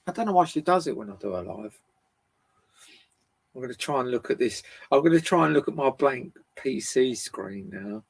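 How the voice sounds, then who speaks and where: A British man chats casually on a live stream from home with his dog, laughing often and swearing freely. He speaks British English in a fairly high-pitched, gravelly voice.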